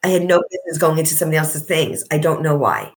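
A middle-aged woman guest on a podcast, talking in a heartfelt, reflective way and slowing down to stress her points. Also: low voice, lively intonation. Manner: heartfelt, reflective, slows for emphasis. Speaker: guest, coach and author. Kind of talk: emotional podcast interview.

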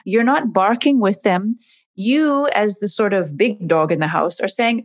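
A woman's voice: mid-range voice, unhurried. A woman, a dog behavior expert, explaining in an interview and acting out dogs and owners in voices.

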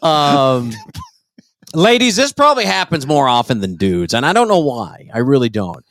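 A man's voice: medium pitch, very animated, normal speed, fairly bright tone. A man from Oklahoma hosting a casual comedy talk show, joking crudely and swearing freely. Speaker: podcast host.

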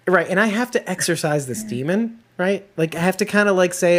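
A man with a Northeastern US accent co-hosting a casual TV recap podcast, animated, laughing often and acting out characters' lines. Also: sits high, brisk, few pauses. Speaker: podcast co-host.

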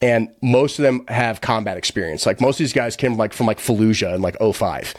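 A man's voice: on the low side, no room sound, studio quality. A man guesting on a podcast, telling a story in a blunt, profane way, chuckling often and packing his talk with fillers. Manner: quick, animated retelling with many fillers. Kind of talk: casual storytelling.

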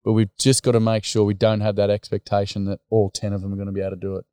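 A middle-aged Australian man talks casually as an interview guest, full of slang and easygoing storytelling. His voice sits low and mellow with a smooth, resonant tone. The recording is close and dry. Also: level tone, racing, no room sound. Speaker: guest, workshop facilitator.

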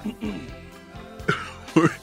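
A man co-hosting a podcast in casual chat, halting and often laughing. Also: faint music behind. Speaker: podcast co-host.

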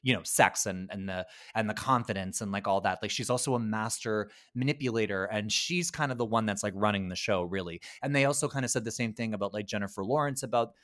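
A man's voice: fairly low pitch, fast, hardly any pauses. Chatty male podcast co-host. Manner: chatty and animated, laughing often, many fillers. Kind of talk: casual chat.

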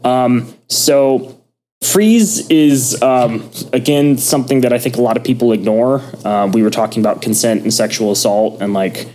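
A man co-hosting a podcast, chatting casually and reading from a book, with a soft, thoughtful delivery and many pauses. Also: mid-range voice, a little hiss or hum. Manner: soft, drifting into a casual ASMR-like murmur; thoughtful, many ums and restarts. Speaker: podcast co-host.

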